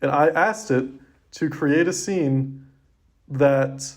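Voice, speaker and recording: Young dude rambling on a podcast, like every other word is like. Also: male voice, a little high, slow pace, a little mellow. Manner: rambling, heavy use of "like". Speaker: podcast co-host. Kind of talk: casual chat.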